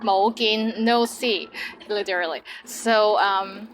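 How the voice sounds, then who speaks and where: A woman's voice: medium pitch, steady tone, slow pace, a little hiss or hum, poor audio. A woman teaching Cantonese words, saying each word twice and then giving example sentences. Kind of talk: language lesson.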